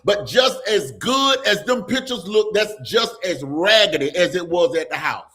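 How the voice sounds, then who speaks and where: A man's voice: sits high, expressive, moderate pace, bright, forceful tone, faint music behind. A man preaching on a live stream, speaking straight to viewers, with constant "come on" calls and lines that slip into song. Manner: call-and-response preaching, repeats "come on", slips into sung lines. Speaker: pastor hosting a live stream. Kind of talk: preaching, talking to viewers in the comments.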